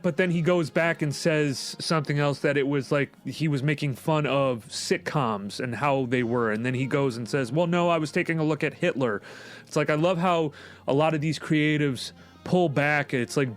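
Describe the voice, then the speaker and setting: A man's voice: fairly high pitch, normal speed. A man co-hosting a podcast, talking in a casual, profane, rambling way and laughing often. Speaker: podcast co-host. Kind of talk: casual chat.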